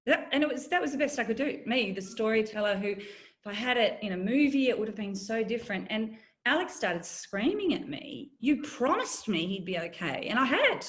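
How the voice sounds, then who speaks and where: A woman's voice: fairly high pitch, lively intonation, brisk. A middle-aged woman, telling a personal story in an interview, candid and wry. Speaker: guest, former journalist.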